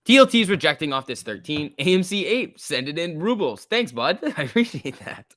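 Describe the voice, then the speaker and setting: A man's voice: a little high, sing-song, a little fast, a bit bright, no room sound. Chill guy doing a stock stream, chatty, dry close sound, reads chat. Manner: laid-back, chatty, laughs often, talks to chat. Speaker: stock market livestream host. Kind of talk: casual livestream commentary reading chat.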